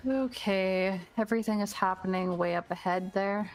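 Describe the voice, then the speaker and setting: A woman's voice: mid-range voice, normal speed, faint music behind. A woman playing a tabletop game, talking earnestly and laughing now and then. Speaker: player. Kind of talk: tabletop role-play chat.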